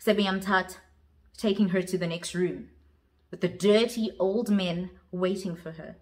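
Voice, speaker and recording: A woman's voice: lowish voice, steady tone, unhurried, darkish tone. A young woman telling a story in a dramatic vlog style, switching languages as she goes. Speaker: vlogger.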